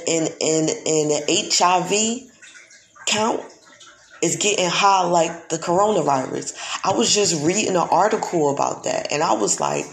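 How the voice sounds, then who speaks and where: A woman speaks slowly in a casual vlog monologue, her lowish voice gravelly with fry. She is emphatic and preachy and circles back to repeat her points. The recording is echoey, as in a bare room. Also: a little hiss or hum. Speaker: vlogger.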